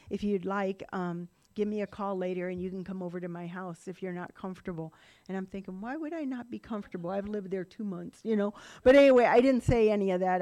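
A middle-aged woman shares her personal recovery story in a rambling, run-on testimony with laughing asides. Her voice is medium-pitched and mellow.

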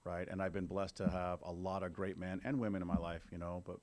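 A man in his fifties speaks at a recovery meeting in a low, slightly mellow voice with flat delivery and a fairly quick pace. His testimony is candid and personal, told conversationally while he checks in with the group.

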